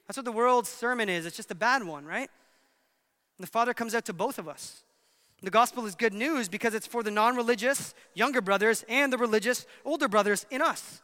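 A man preaching a sermon as pastor, emphatic, swinging between loud passages and hushed ones. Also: extremely high pitch, a little fast, long reverb tail.

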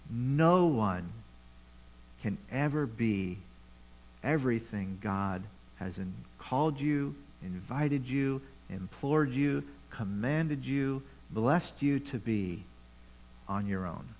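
A man's voice: mid-range voice, animated, slow pace, a little mellow, slight background noise, rough recording. Man preaching a conversational sermon. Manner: conversational preaching with rhetorical questions and repetition. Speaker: pastor. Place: church.

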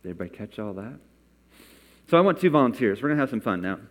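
A man's voice: on the low side, very animated, rapid-fire, lo-fi sound. A man preaching a sermon as pastor in a church, talking conversationally and coaxing volunteers from the congregation. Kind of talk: sermon with scripture reading. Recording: long reverb from a large hall.

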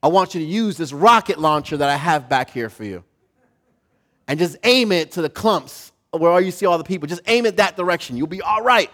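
A gruff, commanding Marine sergeant, as a preacher puts him on, barking orders in a high, raised voice. He brushes off excuses and tells his recruit to get moving. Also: lively intonation, fairly quick, fairly bright tone. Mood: reassuring.

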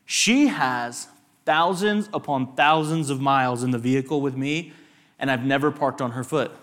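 A young man with a West Texas accent, a guest speaker telling lively personal stories at church and putting questions to the audience. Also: mid-range voice, moderate pace. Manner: animated storyteller, asks the audience questions.

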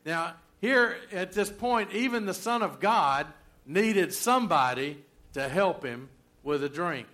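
A man's voice: high-pitched, expressive, unhurried, bright, forceful tone. A middle-aged man preaching a sermon in a folksy, conversational way, full of rhetorical questions. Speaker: pastor.

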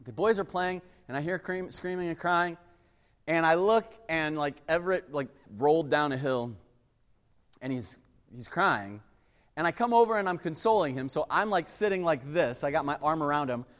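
A pastor gives a loose, conversational sermon, telling family stories and acting out the scenes as he goes. His voice sits a little high for a man. It rings with the long reverb of a large hall. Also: lively intonation, normal speed, fairly bright tone. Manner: chatty, uses "like" a lot, acts out family scenes. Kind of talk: casual storytelling sermon.

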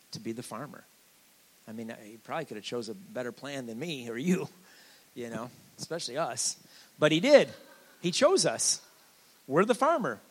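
A man giving a sermon as a guest preacher, conversational and joking, with sudden swings from quiet asides to loud declarations. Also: mid-range voice, poor audio. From Sicilian family.

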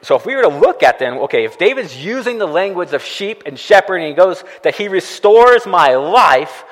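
Animated male preacher in a reverberant hall. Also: high-pitched, fast. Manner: conversational preaching with frequent rhetorical questions and "right?". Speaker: pastor. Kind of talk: sermon.

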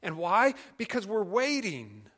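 A middle-aged male pastor preaching a sermon in an earnest, conversational way, dropping to quiet emphasis. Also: high voice, wildly swooping pitch, measured pace.

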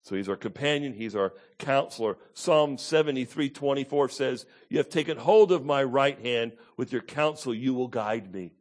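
A man preaching a sermon, drops to low, quiet asides, then rises to loud, high, pleading tones as he voices the psalmist. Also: moderate pace, few pauses. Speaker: pastor.

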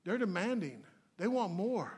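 A man with a notably high speaking voice delivers a sermon as a visiting preacher. His talk is folksy and plainspoken. He lunges into loud, emphatic lines and then pulls back to soft, low asides. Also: big pitch swings, measured pace, slightly rough. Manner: folksy, swings between loud emphatic and hushed. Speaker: guest preacher.

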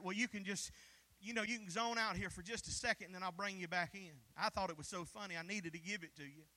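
High-voiced, forceful preaching pastor. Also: male voice. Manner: fervent call-and-response preaching, shouts at peaks. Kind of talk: sermon.

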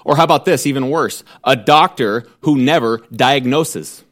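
A man's voice: medium pitch, normal speed, a bit bright. A man preaching a sermon, emphatic and direct, with rhetorical questions and wry asides.

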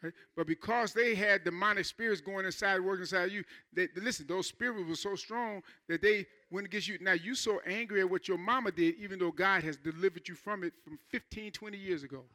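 A male pastor with a high-pitched, sharp tone gives a conversational sermon, addressing the congregation and briefly playing church members.

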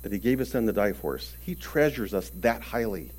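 A man preaching a sermon earnestly, stressing words and swinging between loud and soft. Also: on the low side, animated, a little fast.

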